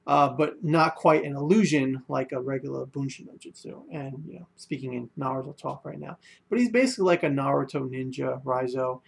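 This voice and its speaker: A man's voice: mid-range voice, brisk, creaky, husky. A young man giving a casual spoken manga review, rambling with lots of fillers and restarts.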